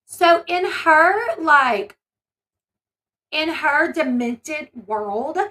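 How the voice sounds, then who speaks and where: Woman, commentary host, high voice, rambling, emphatic. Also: expressive, drawn-out words, bright, forceful tone. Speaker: mother. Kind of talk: casual commentary.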